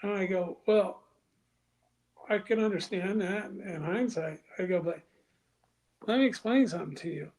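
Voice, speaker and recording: High-voiced man telling a rowdy story. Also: moderate pace, pauses often. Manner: animated, acts out quoted dialogue with raised voice; crude, profane. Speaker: podcast guest. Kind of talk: casual storytelling.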